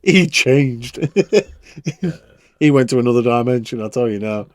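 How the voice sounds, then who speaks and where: A man co-hosting a podcast, telling stories in a casual, animated way. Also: medium pitch, a little slow, dry recording, studio quality. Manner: animated storytelling with frequent laughs. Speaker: podcast co-host. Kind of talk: casual chat.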